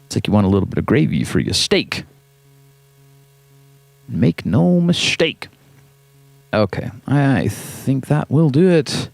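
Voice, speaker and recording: A man's voice: mid-range voice, sing-song, moderate pace, gravelly, hardly any pauses, darkish tone, no echo. A man hosting a hands-on synth demo, talking casually in a playful, joking way with rambling asides. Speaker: host and synth musician.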